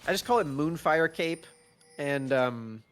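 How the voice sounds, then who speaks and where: A man's voice: on the high side, animated, unhurried, fairly bright tone, faint music behind. A man giving analytical color commentary on an esports match, chatty and light, often searching for words. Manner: chatty, laughing, fumbling for words.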